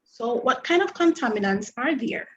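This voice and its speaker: Presenting an online lecture on food safety, a woman speaks expressively in a slightly high, fairly bright voice. She explains carefully, restarting phrases often and posing lots of rhetorical questions. The webinar mic cuts off the highs and adds a little hiss or hum.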